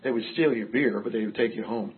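A man's voice: on the low side, fast, narrow, tinny audio, a little hiss or hum. Wry older man telling his story. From Massachusetts. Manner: wry storytelling, self-mocking humor. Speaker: recovery speaker. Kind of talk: personal recovery story told to a group.

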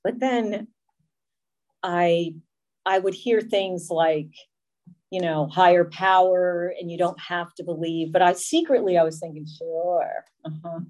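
A woman's voice: on the low side, steady tone, unhurried, darkish tone, low-quality recording. A woman giving a candid, self-deprecating personal testimony about her recovery. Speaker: speaker sharing a recovery story.

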